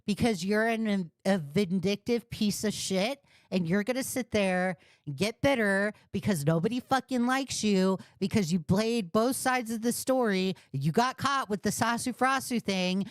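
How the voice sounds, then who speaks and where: A woman's voice: medium pitch, normal speed, hardly any pauses, dry recording, clean studio sound. A woman hosting a livestream, reacting to a video with blunt, profane, mocking commentary. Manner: taunting, mocking, breaks into laughter.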